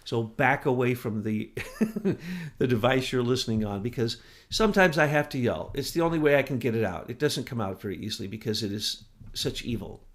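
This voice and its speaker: A man giving impassioned political commentary as co-host, with loud, emphatic bursts that rise and fall. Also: medium pitch, lively intonation, fairly quick.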